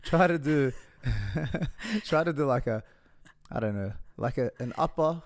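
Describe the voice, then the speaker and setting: A man co-hosts a casual podcast and asks the questions. He keeps an easygoing, prompting tone and laughs readily. His voice sits at a middling pitch. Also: lively intonation, slow pace. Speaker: podcast co-host asking questions.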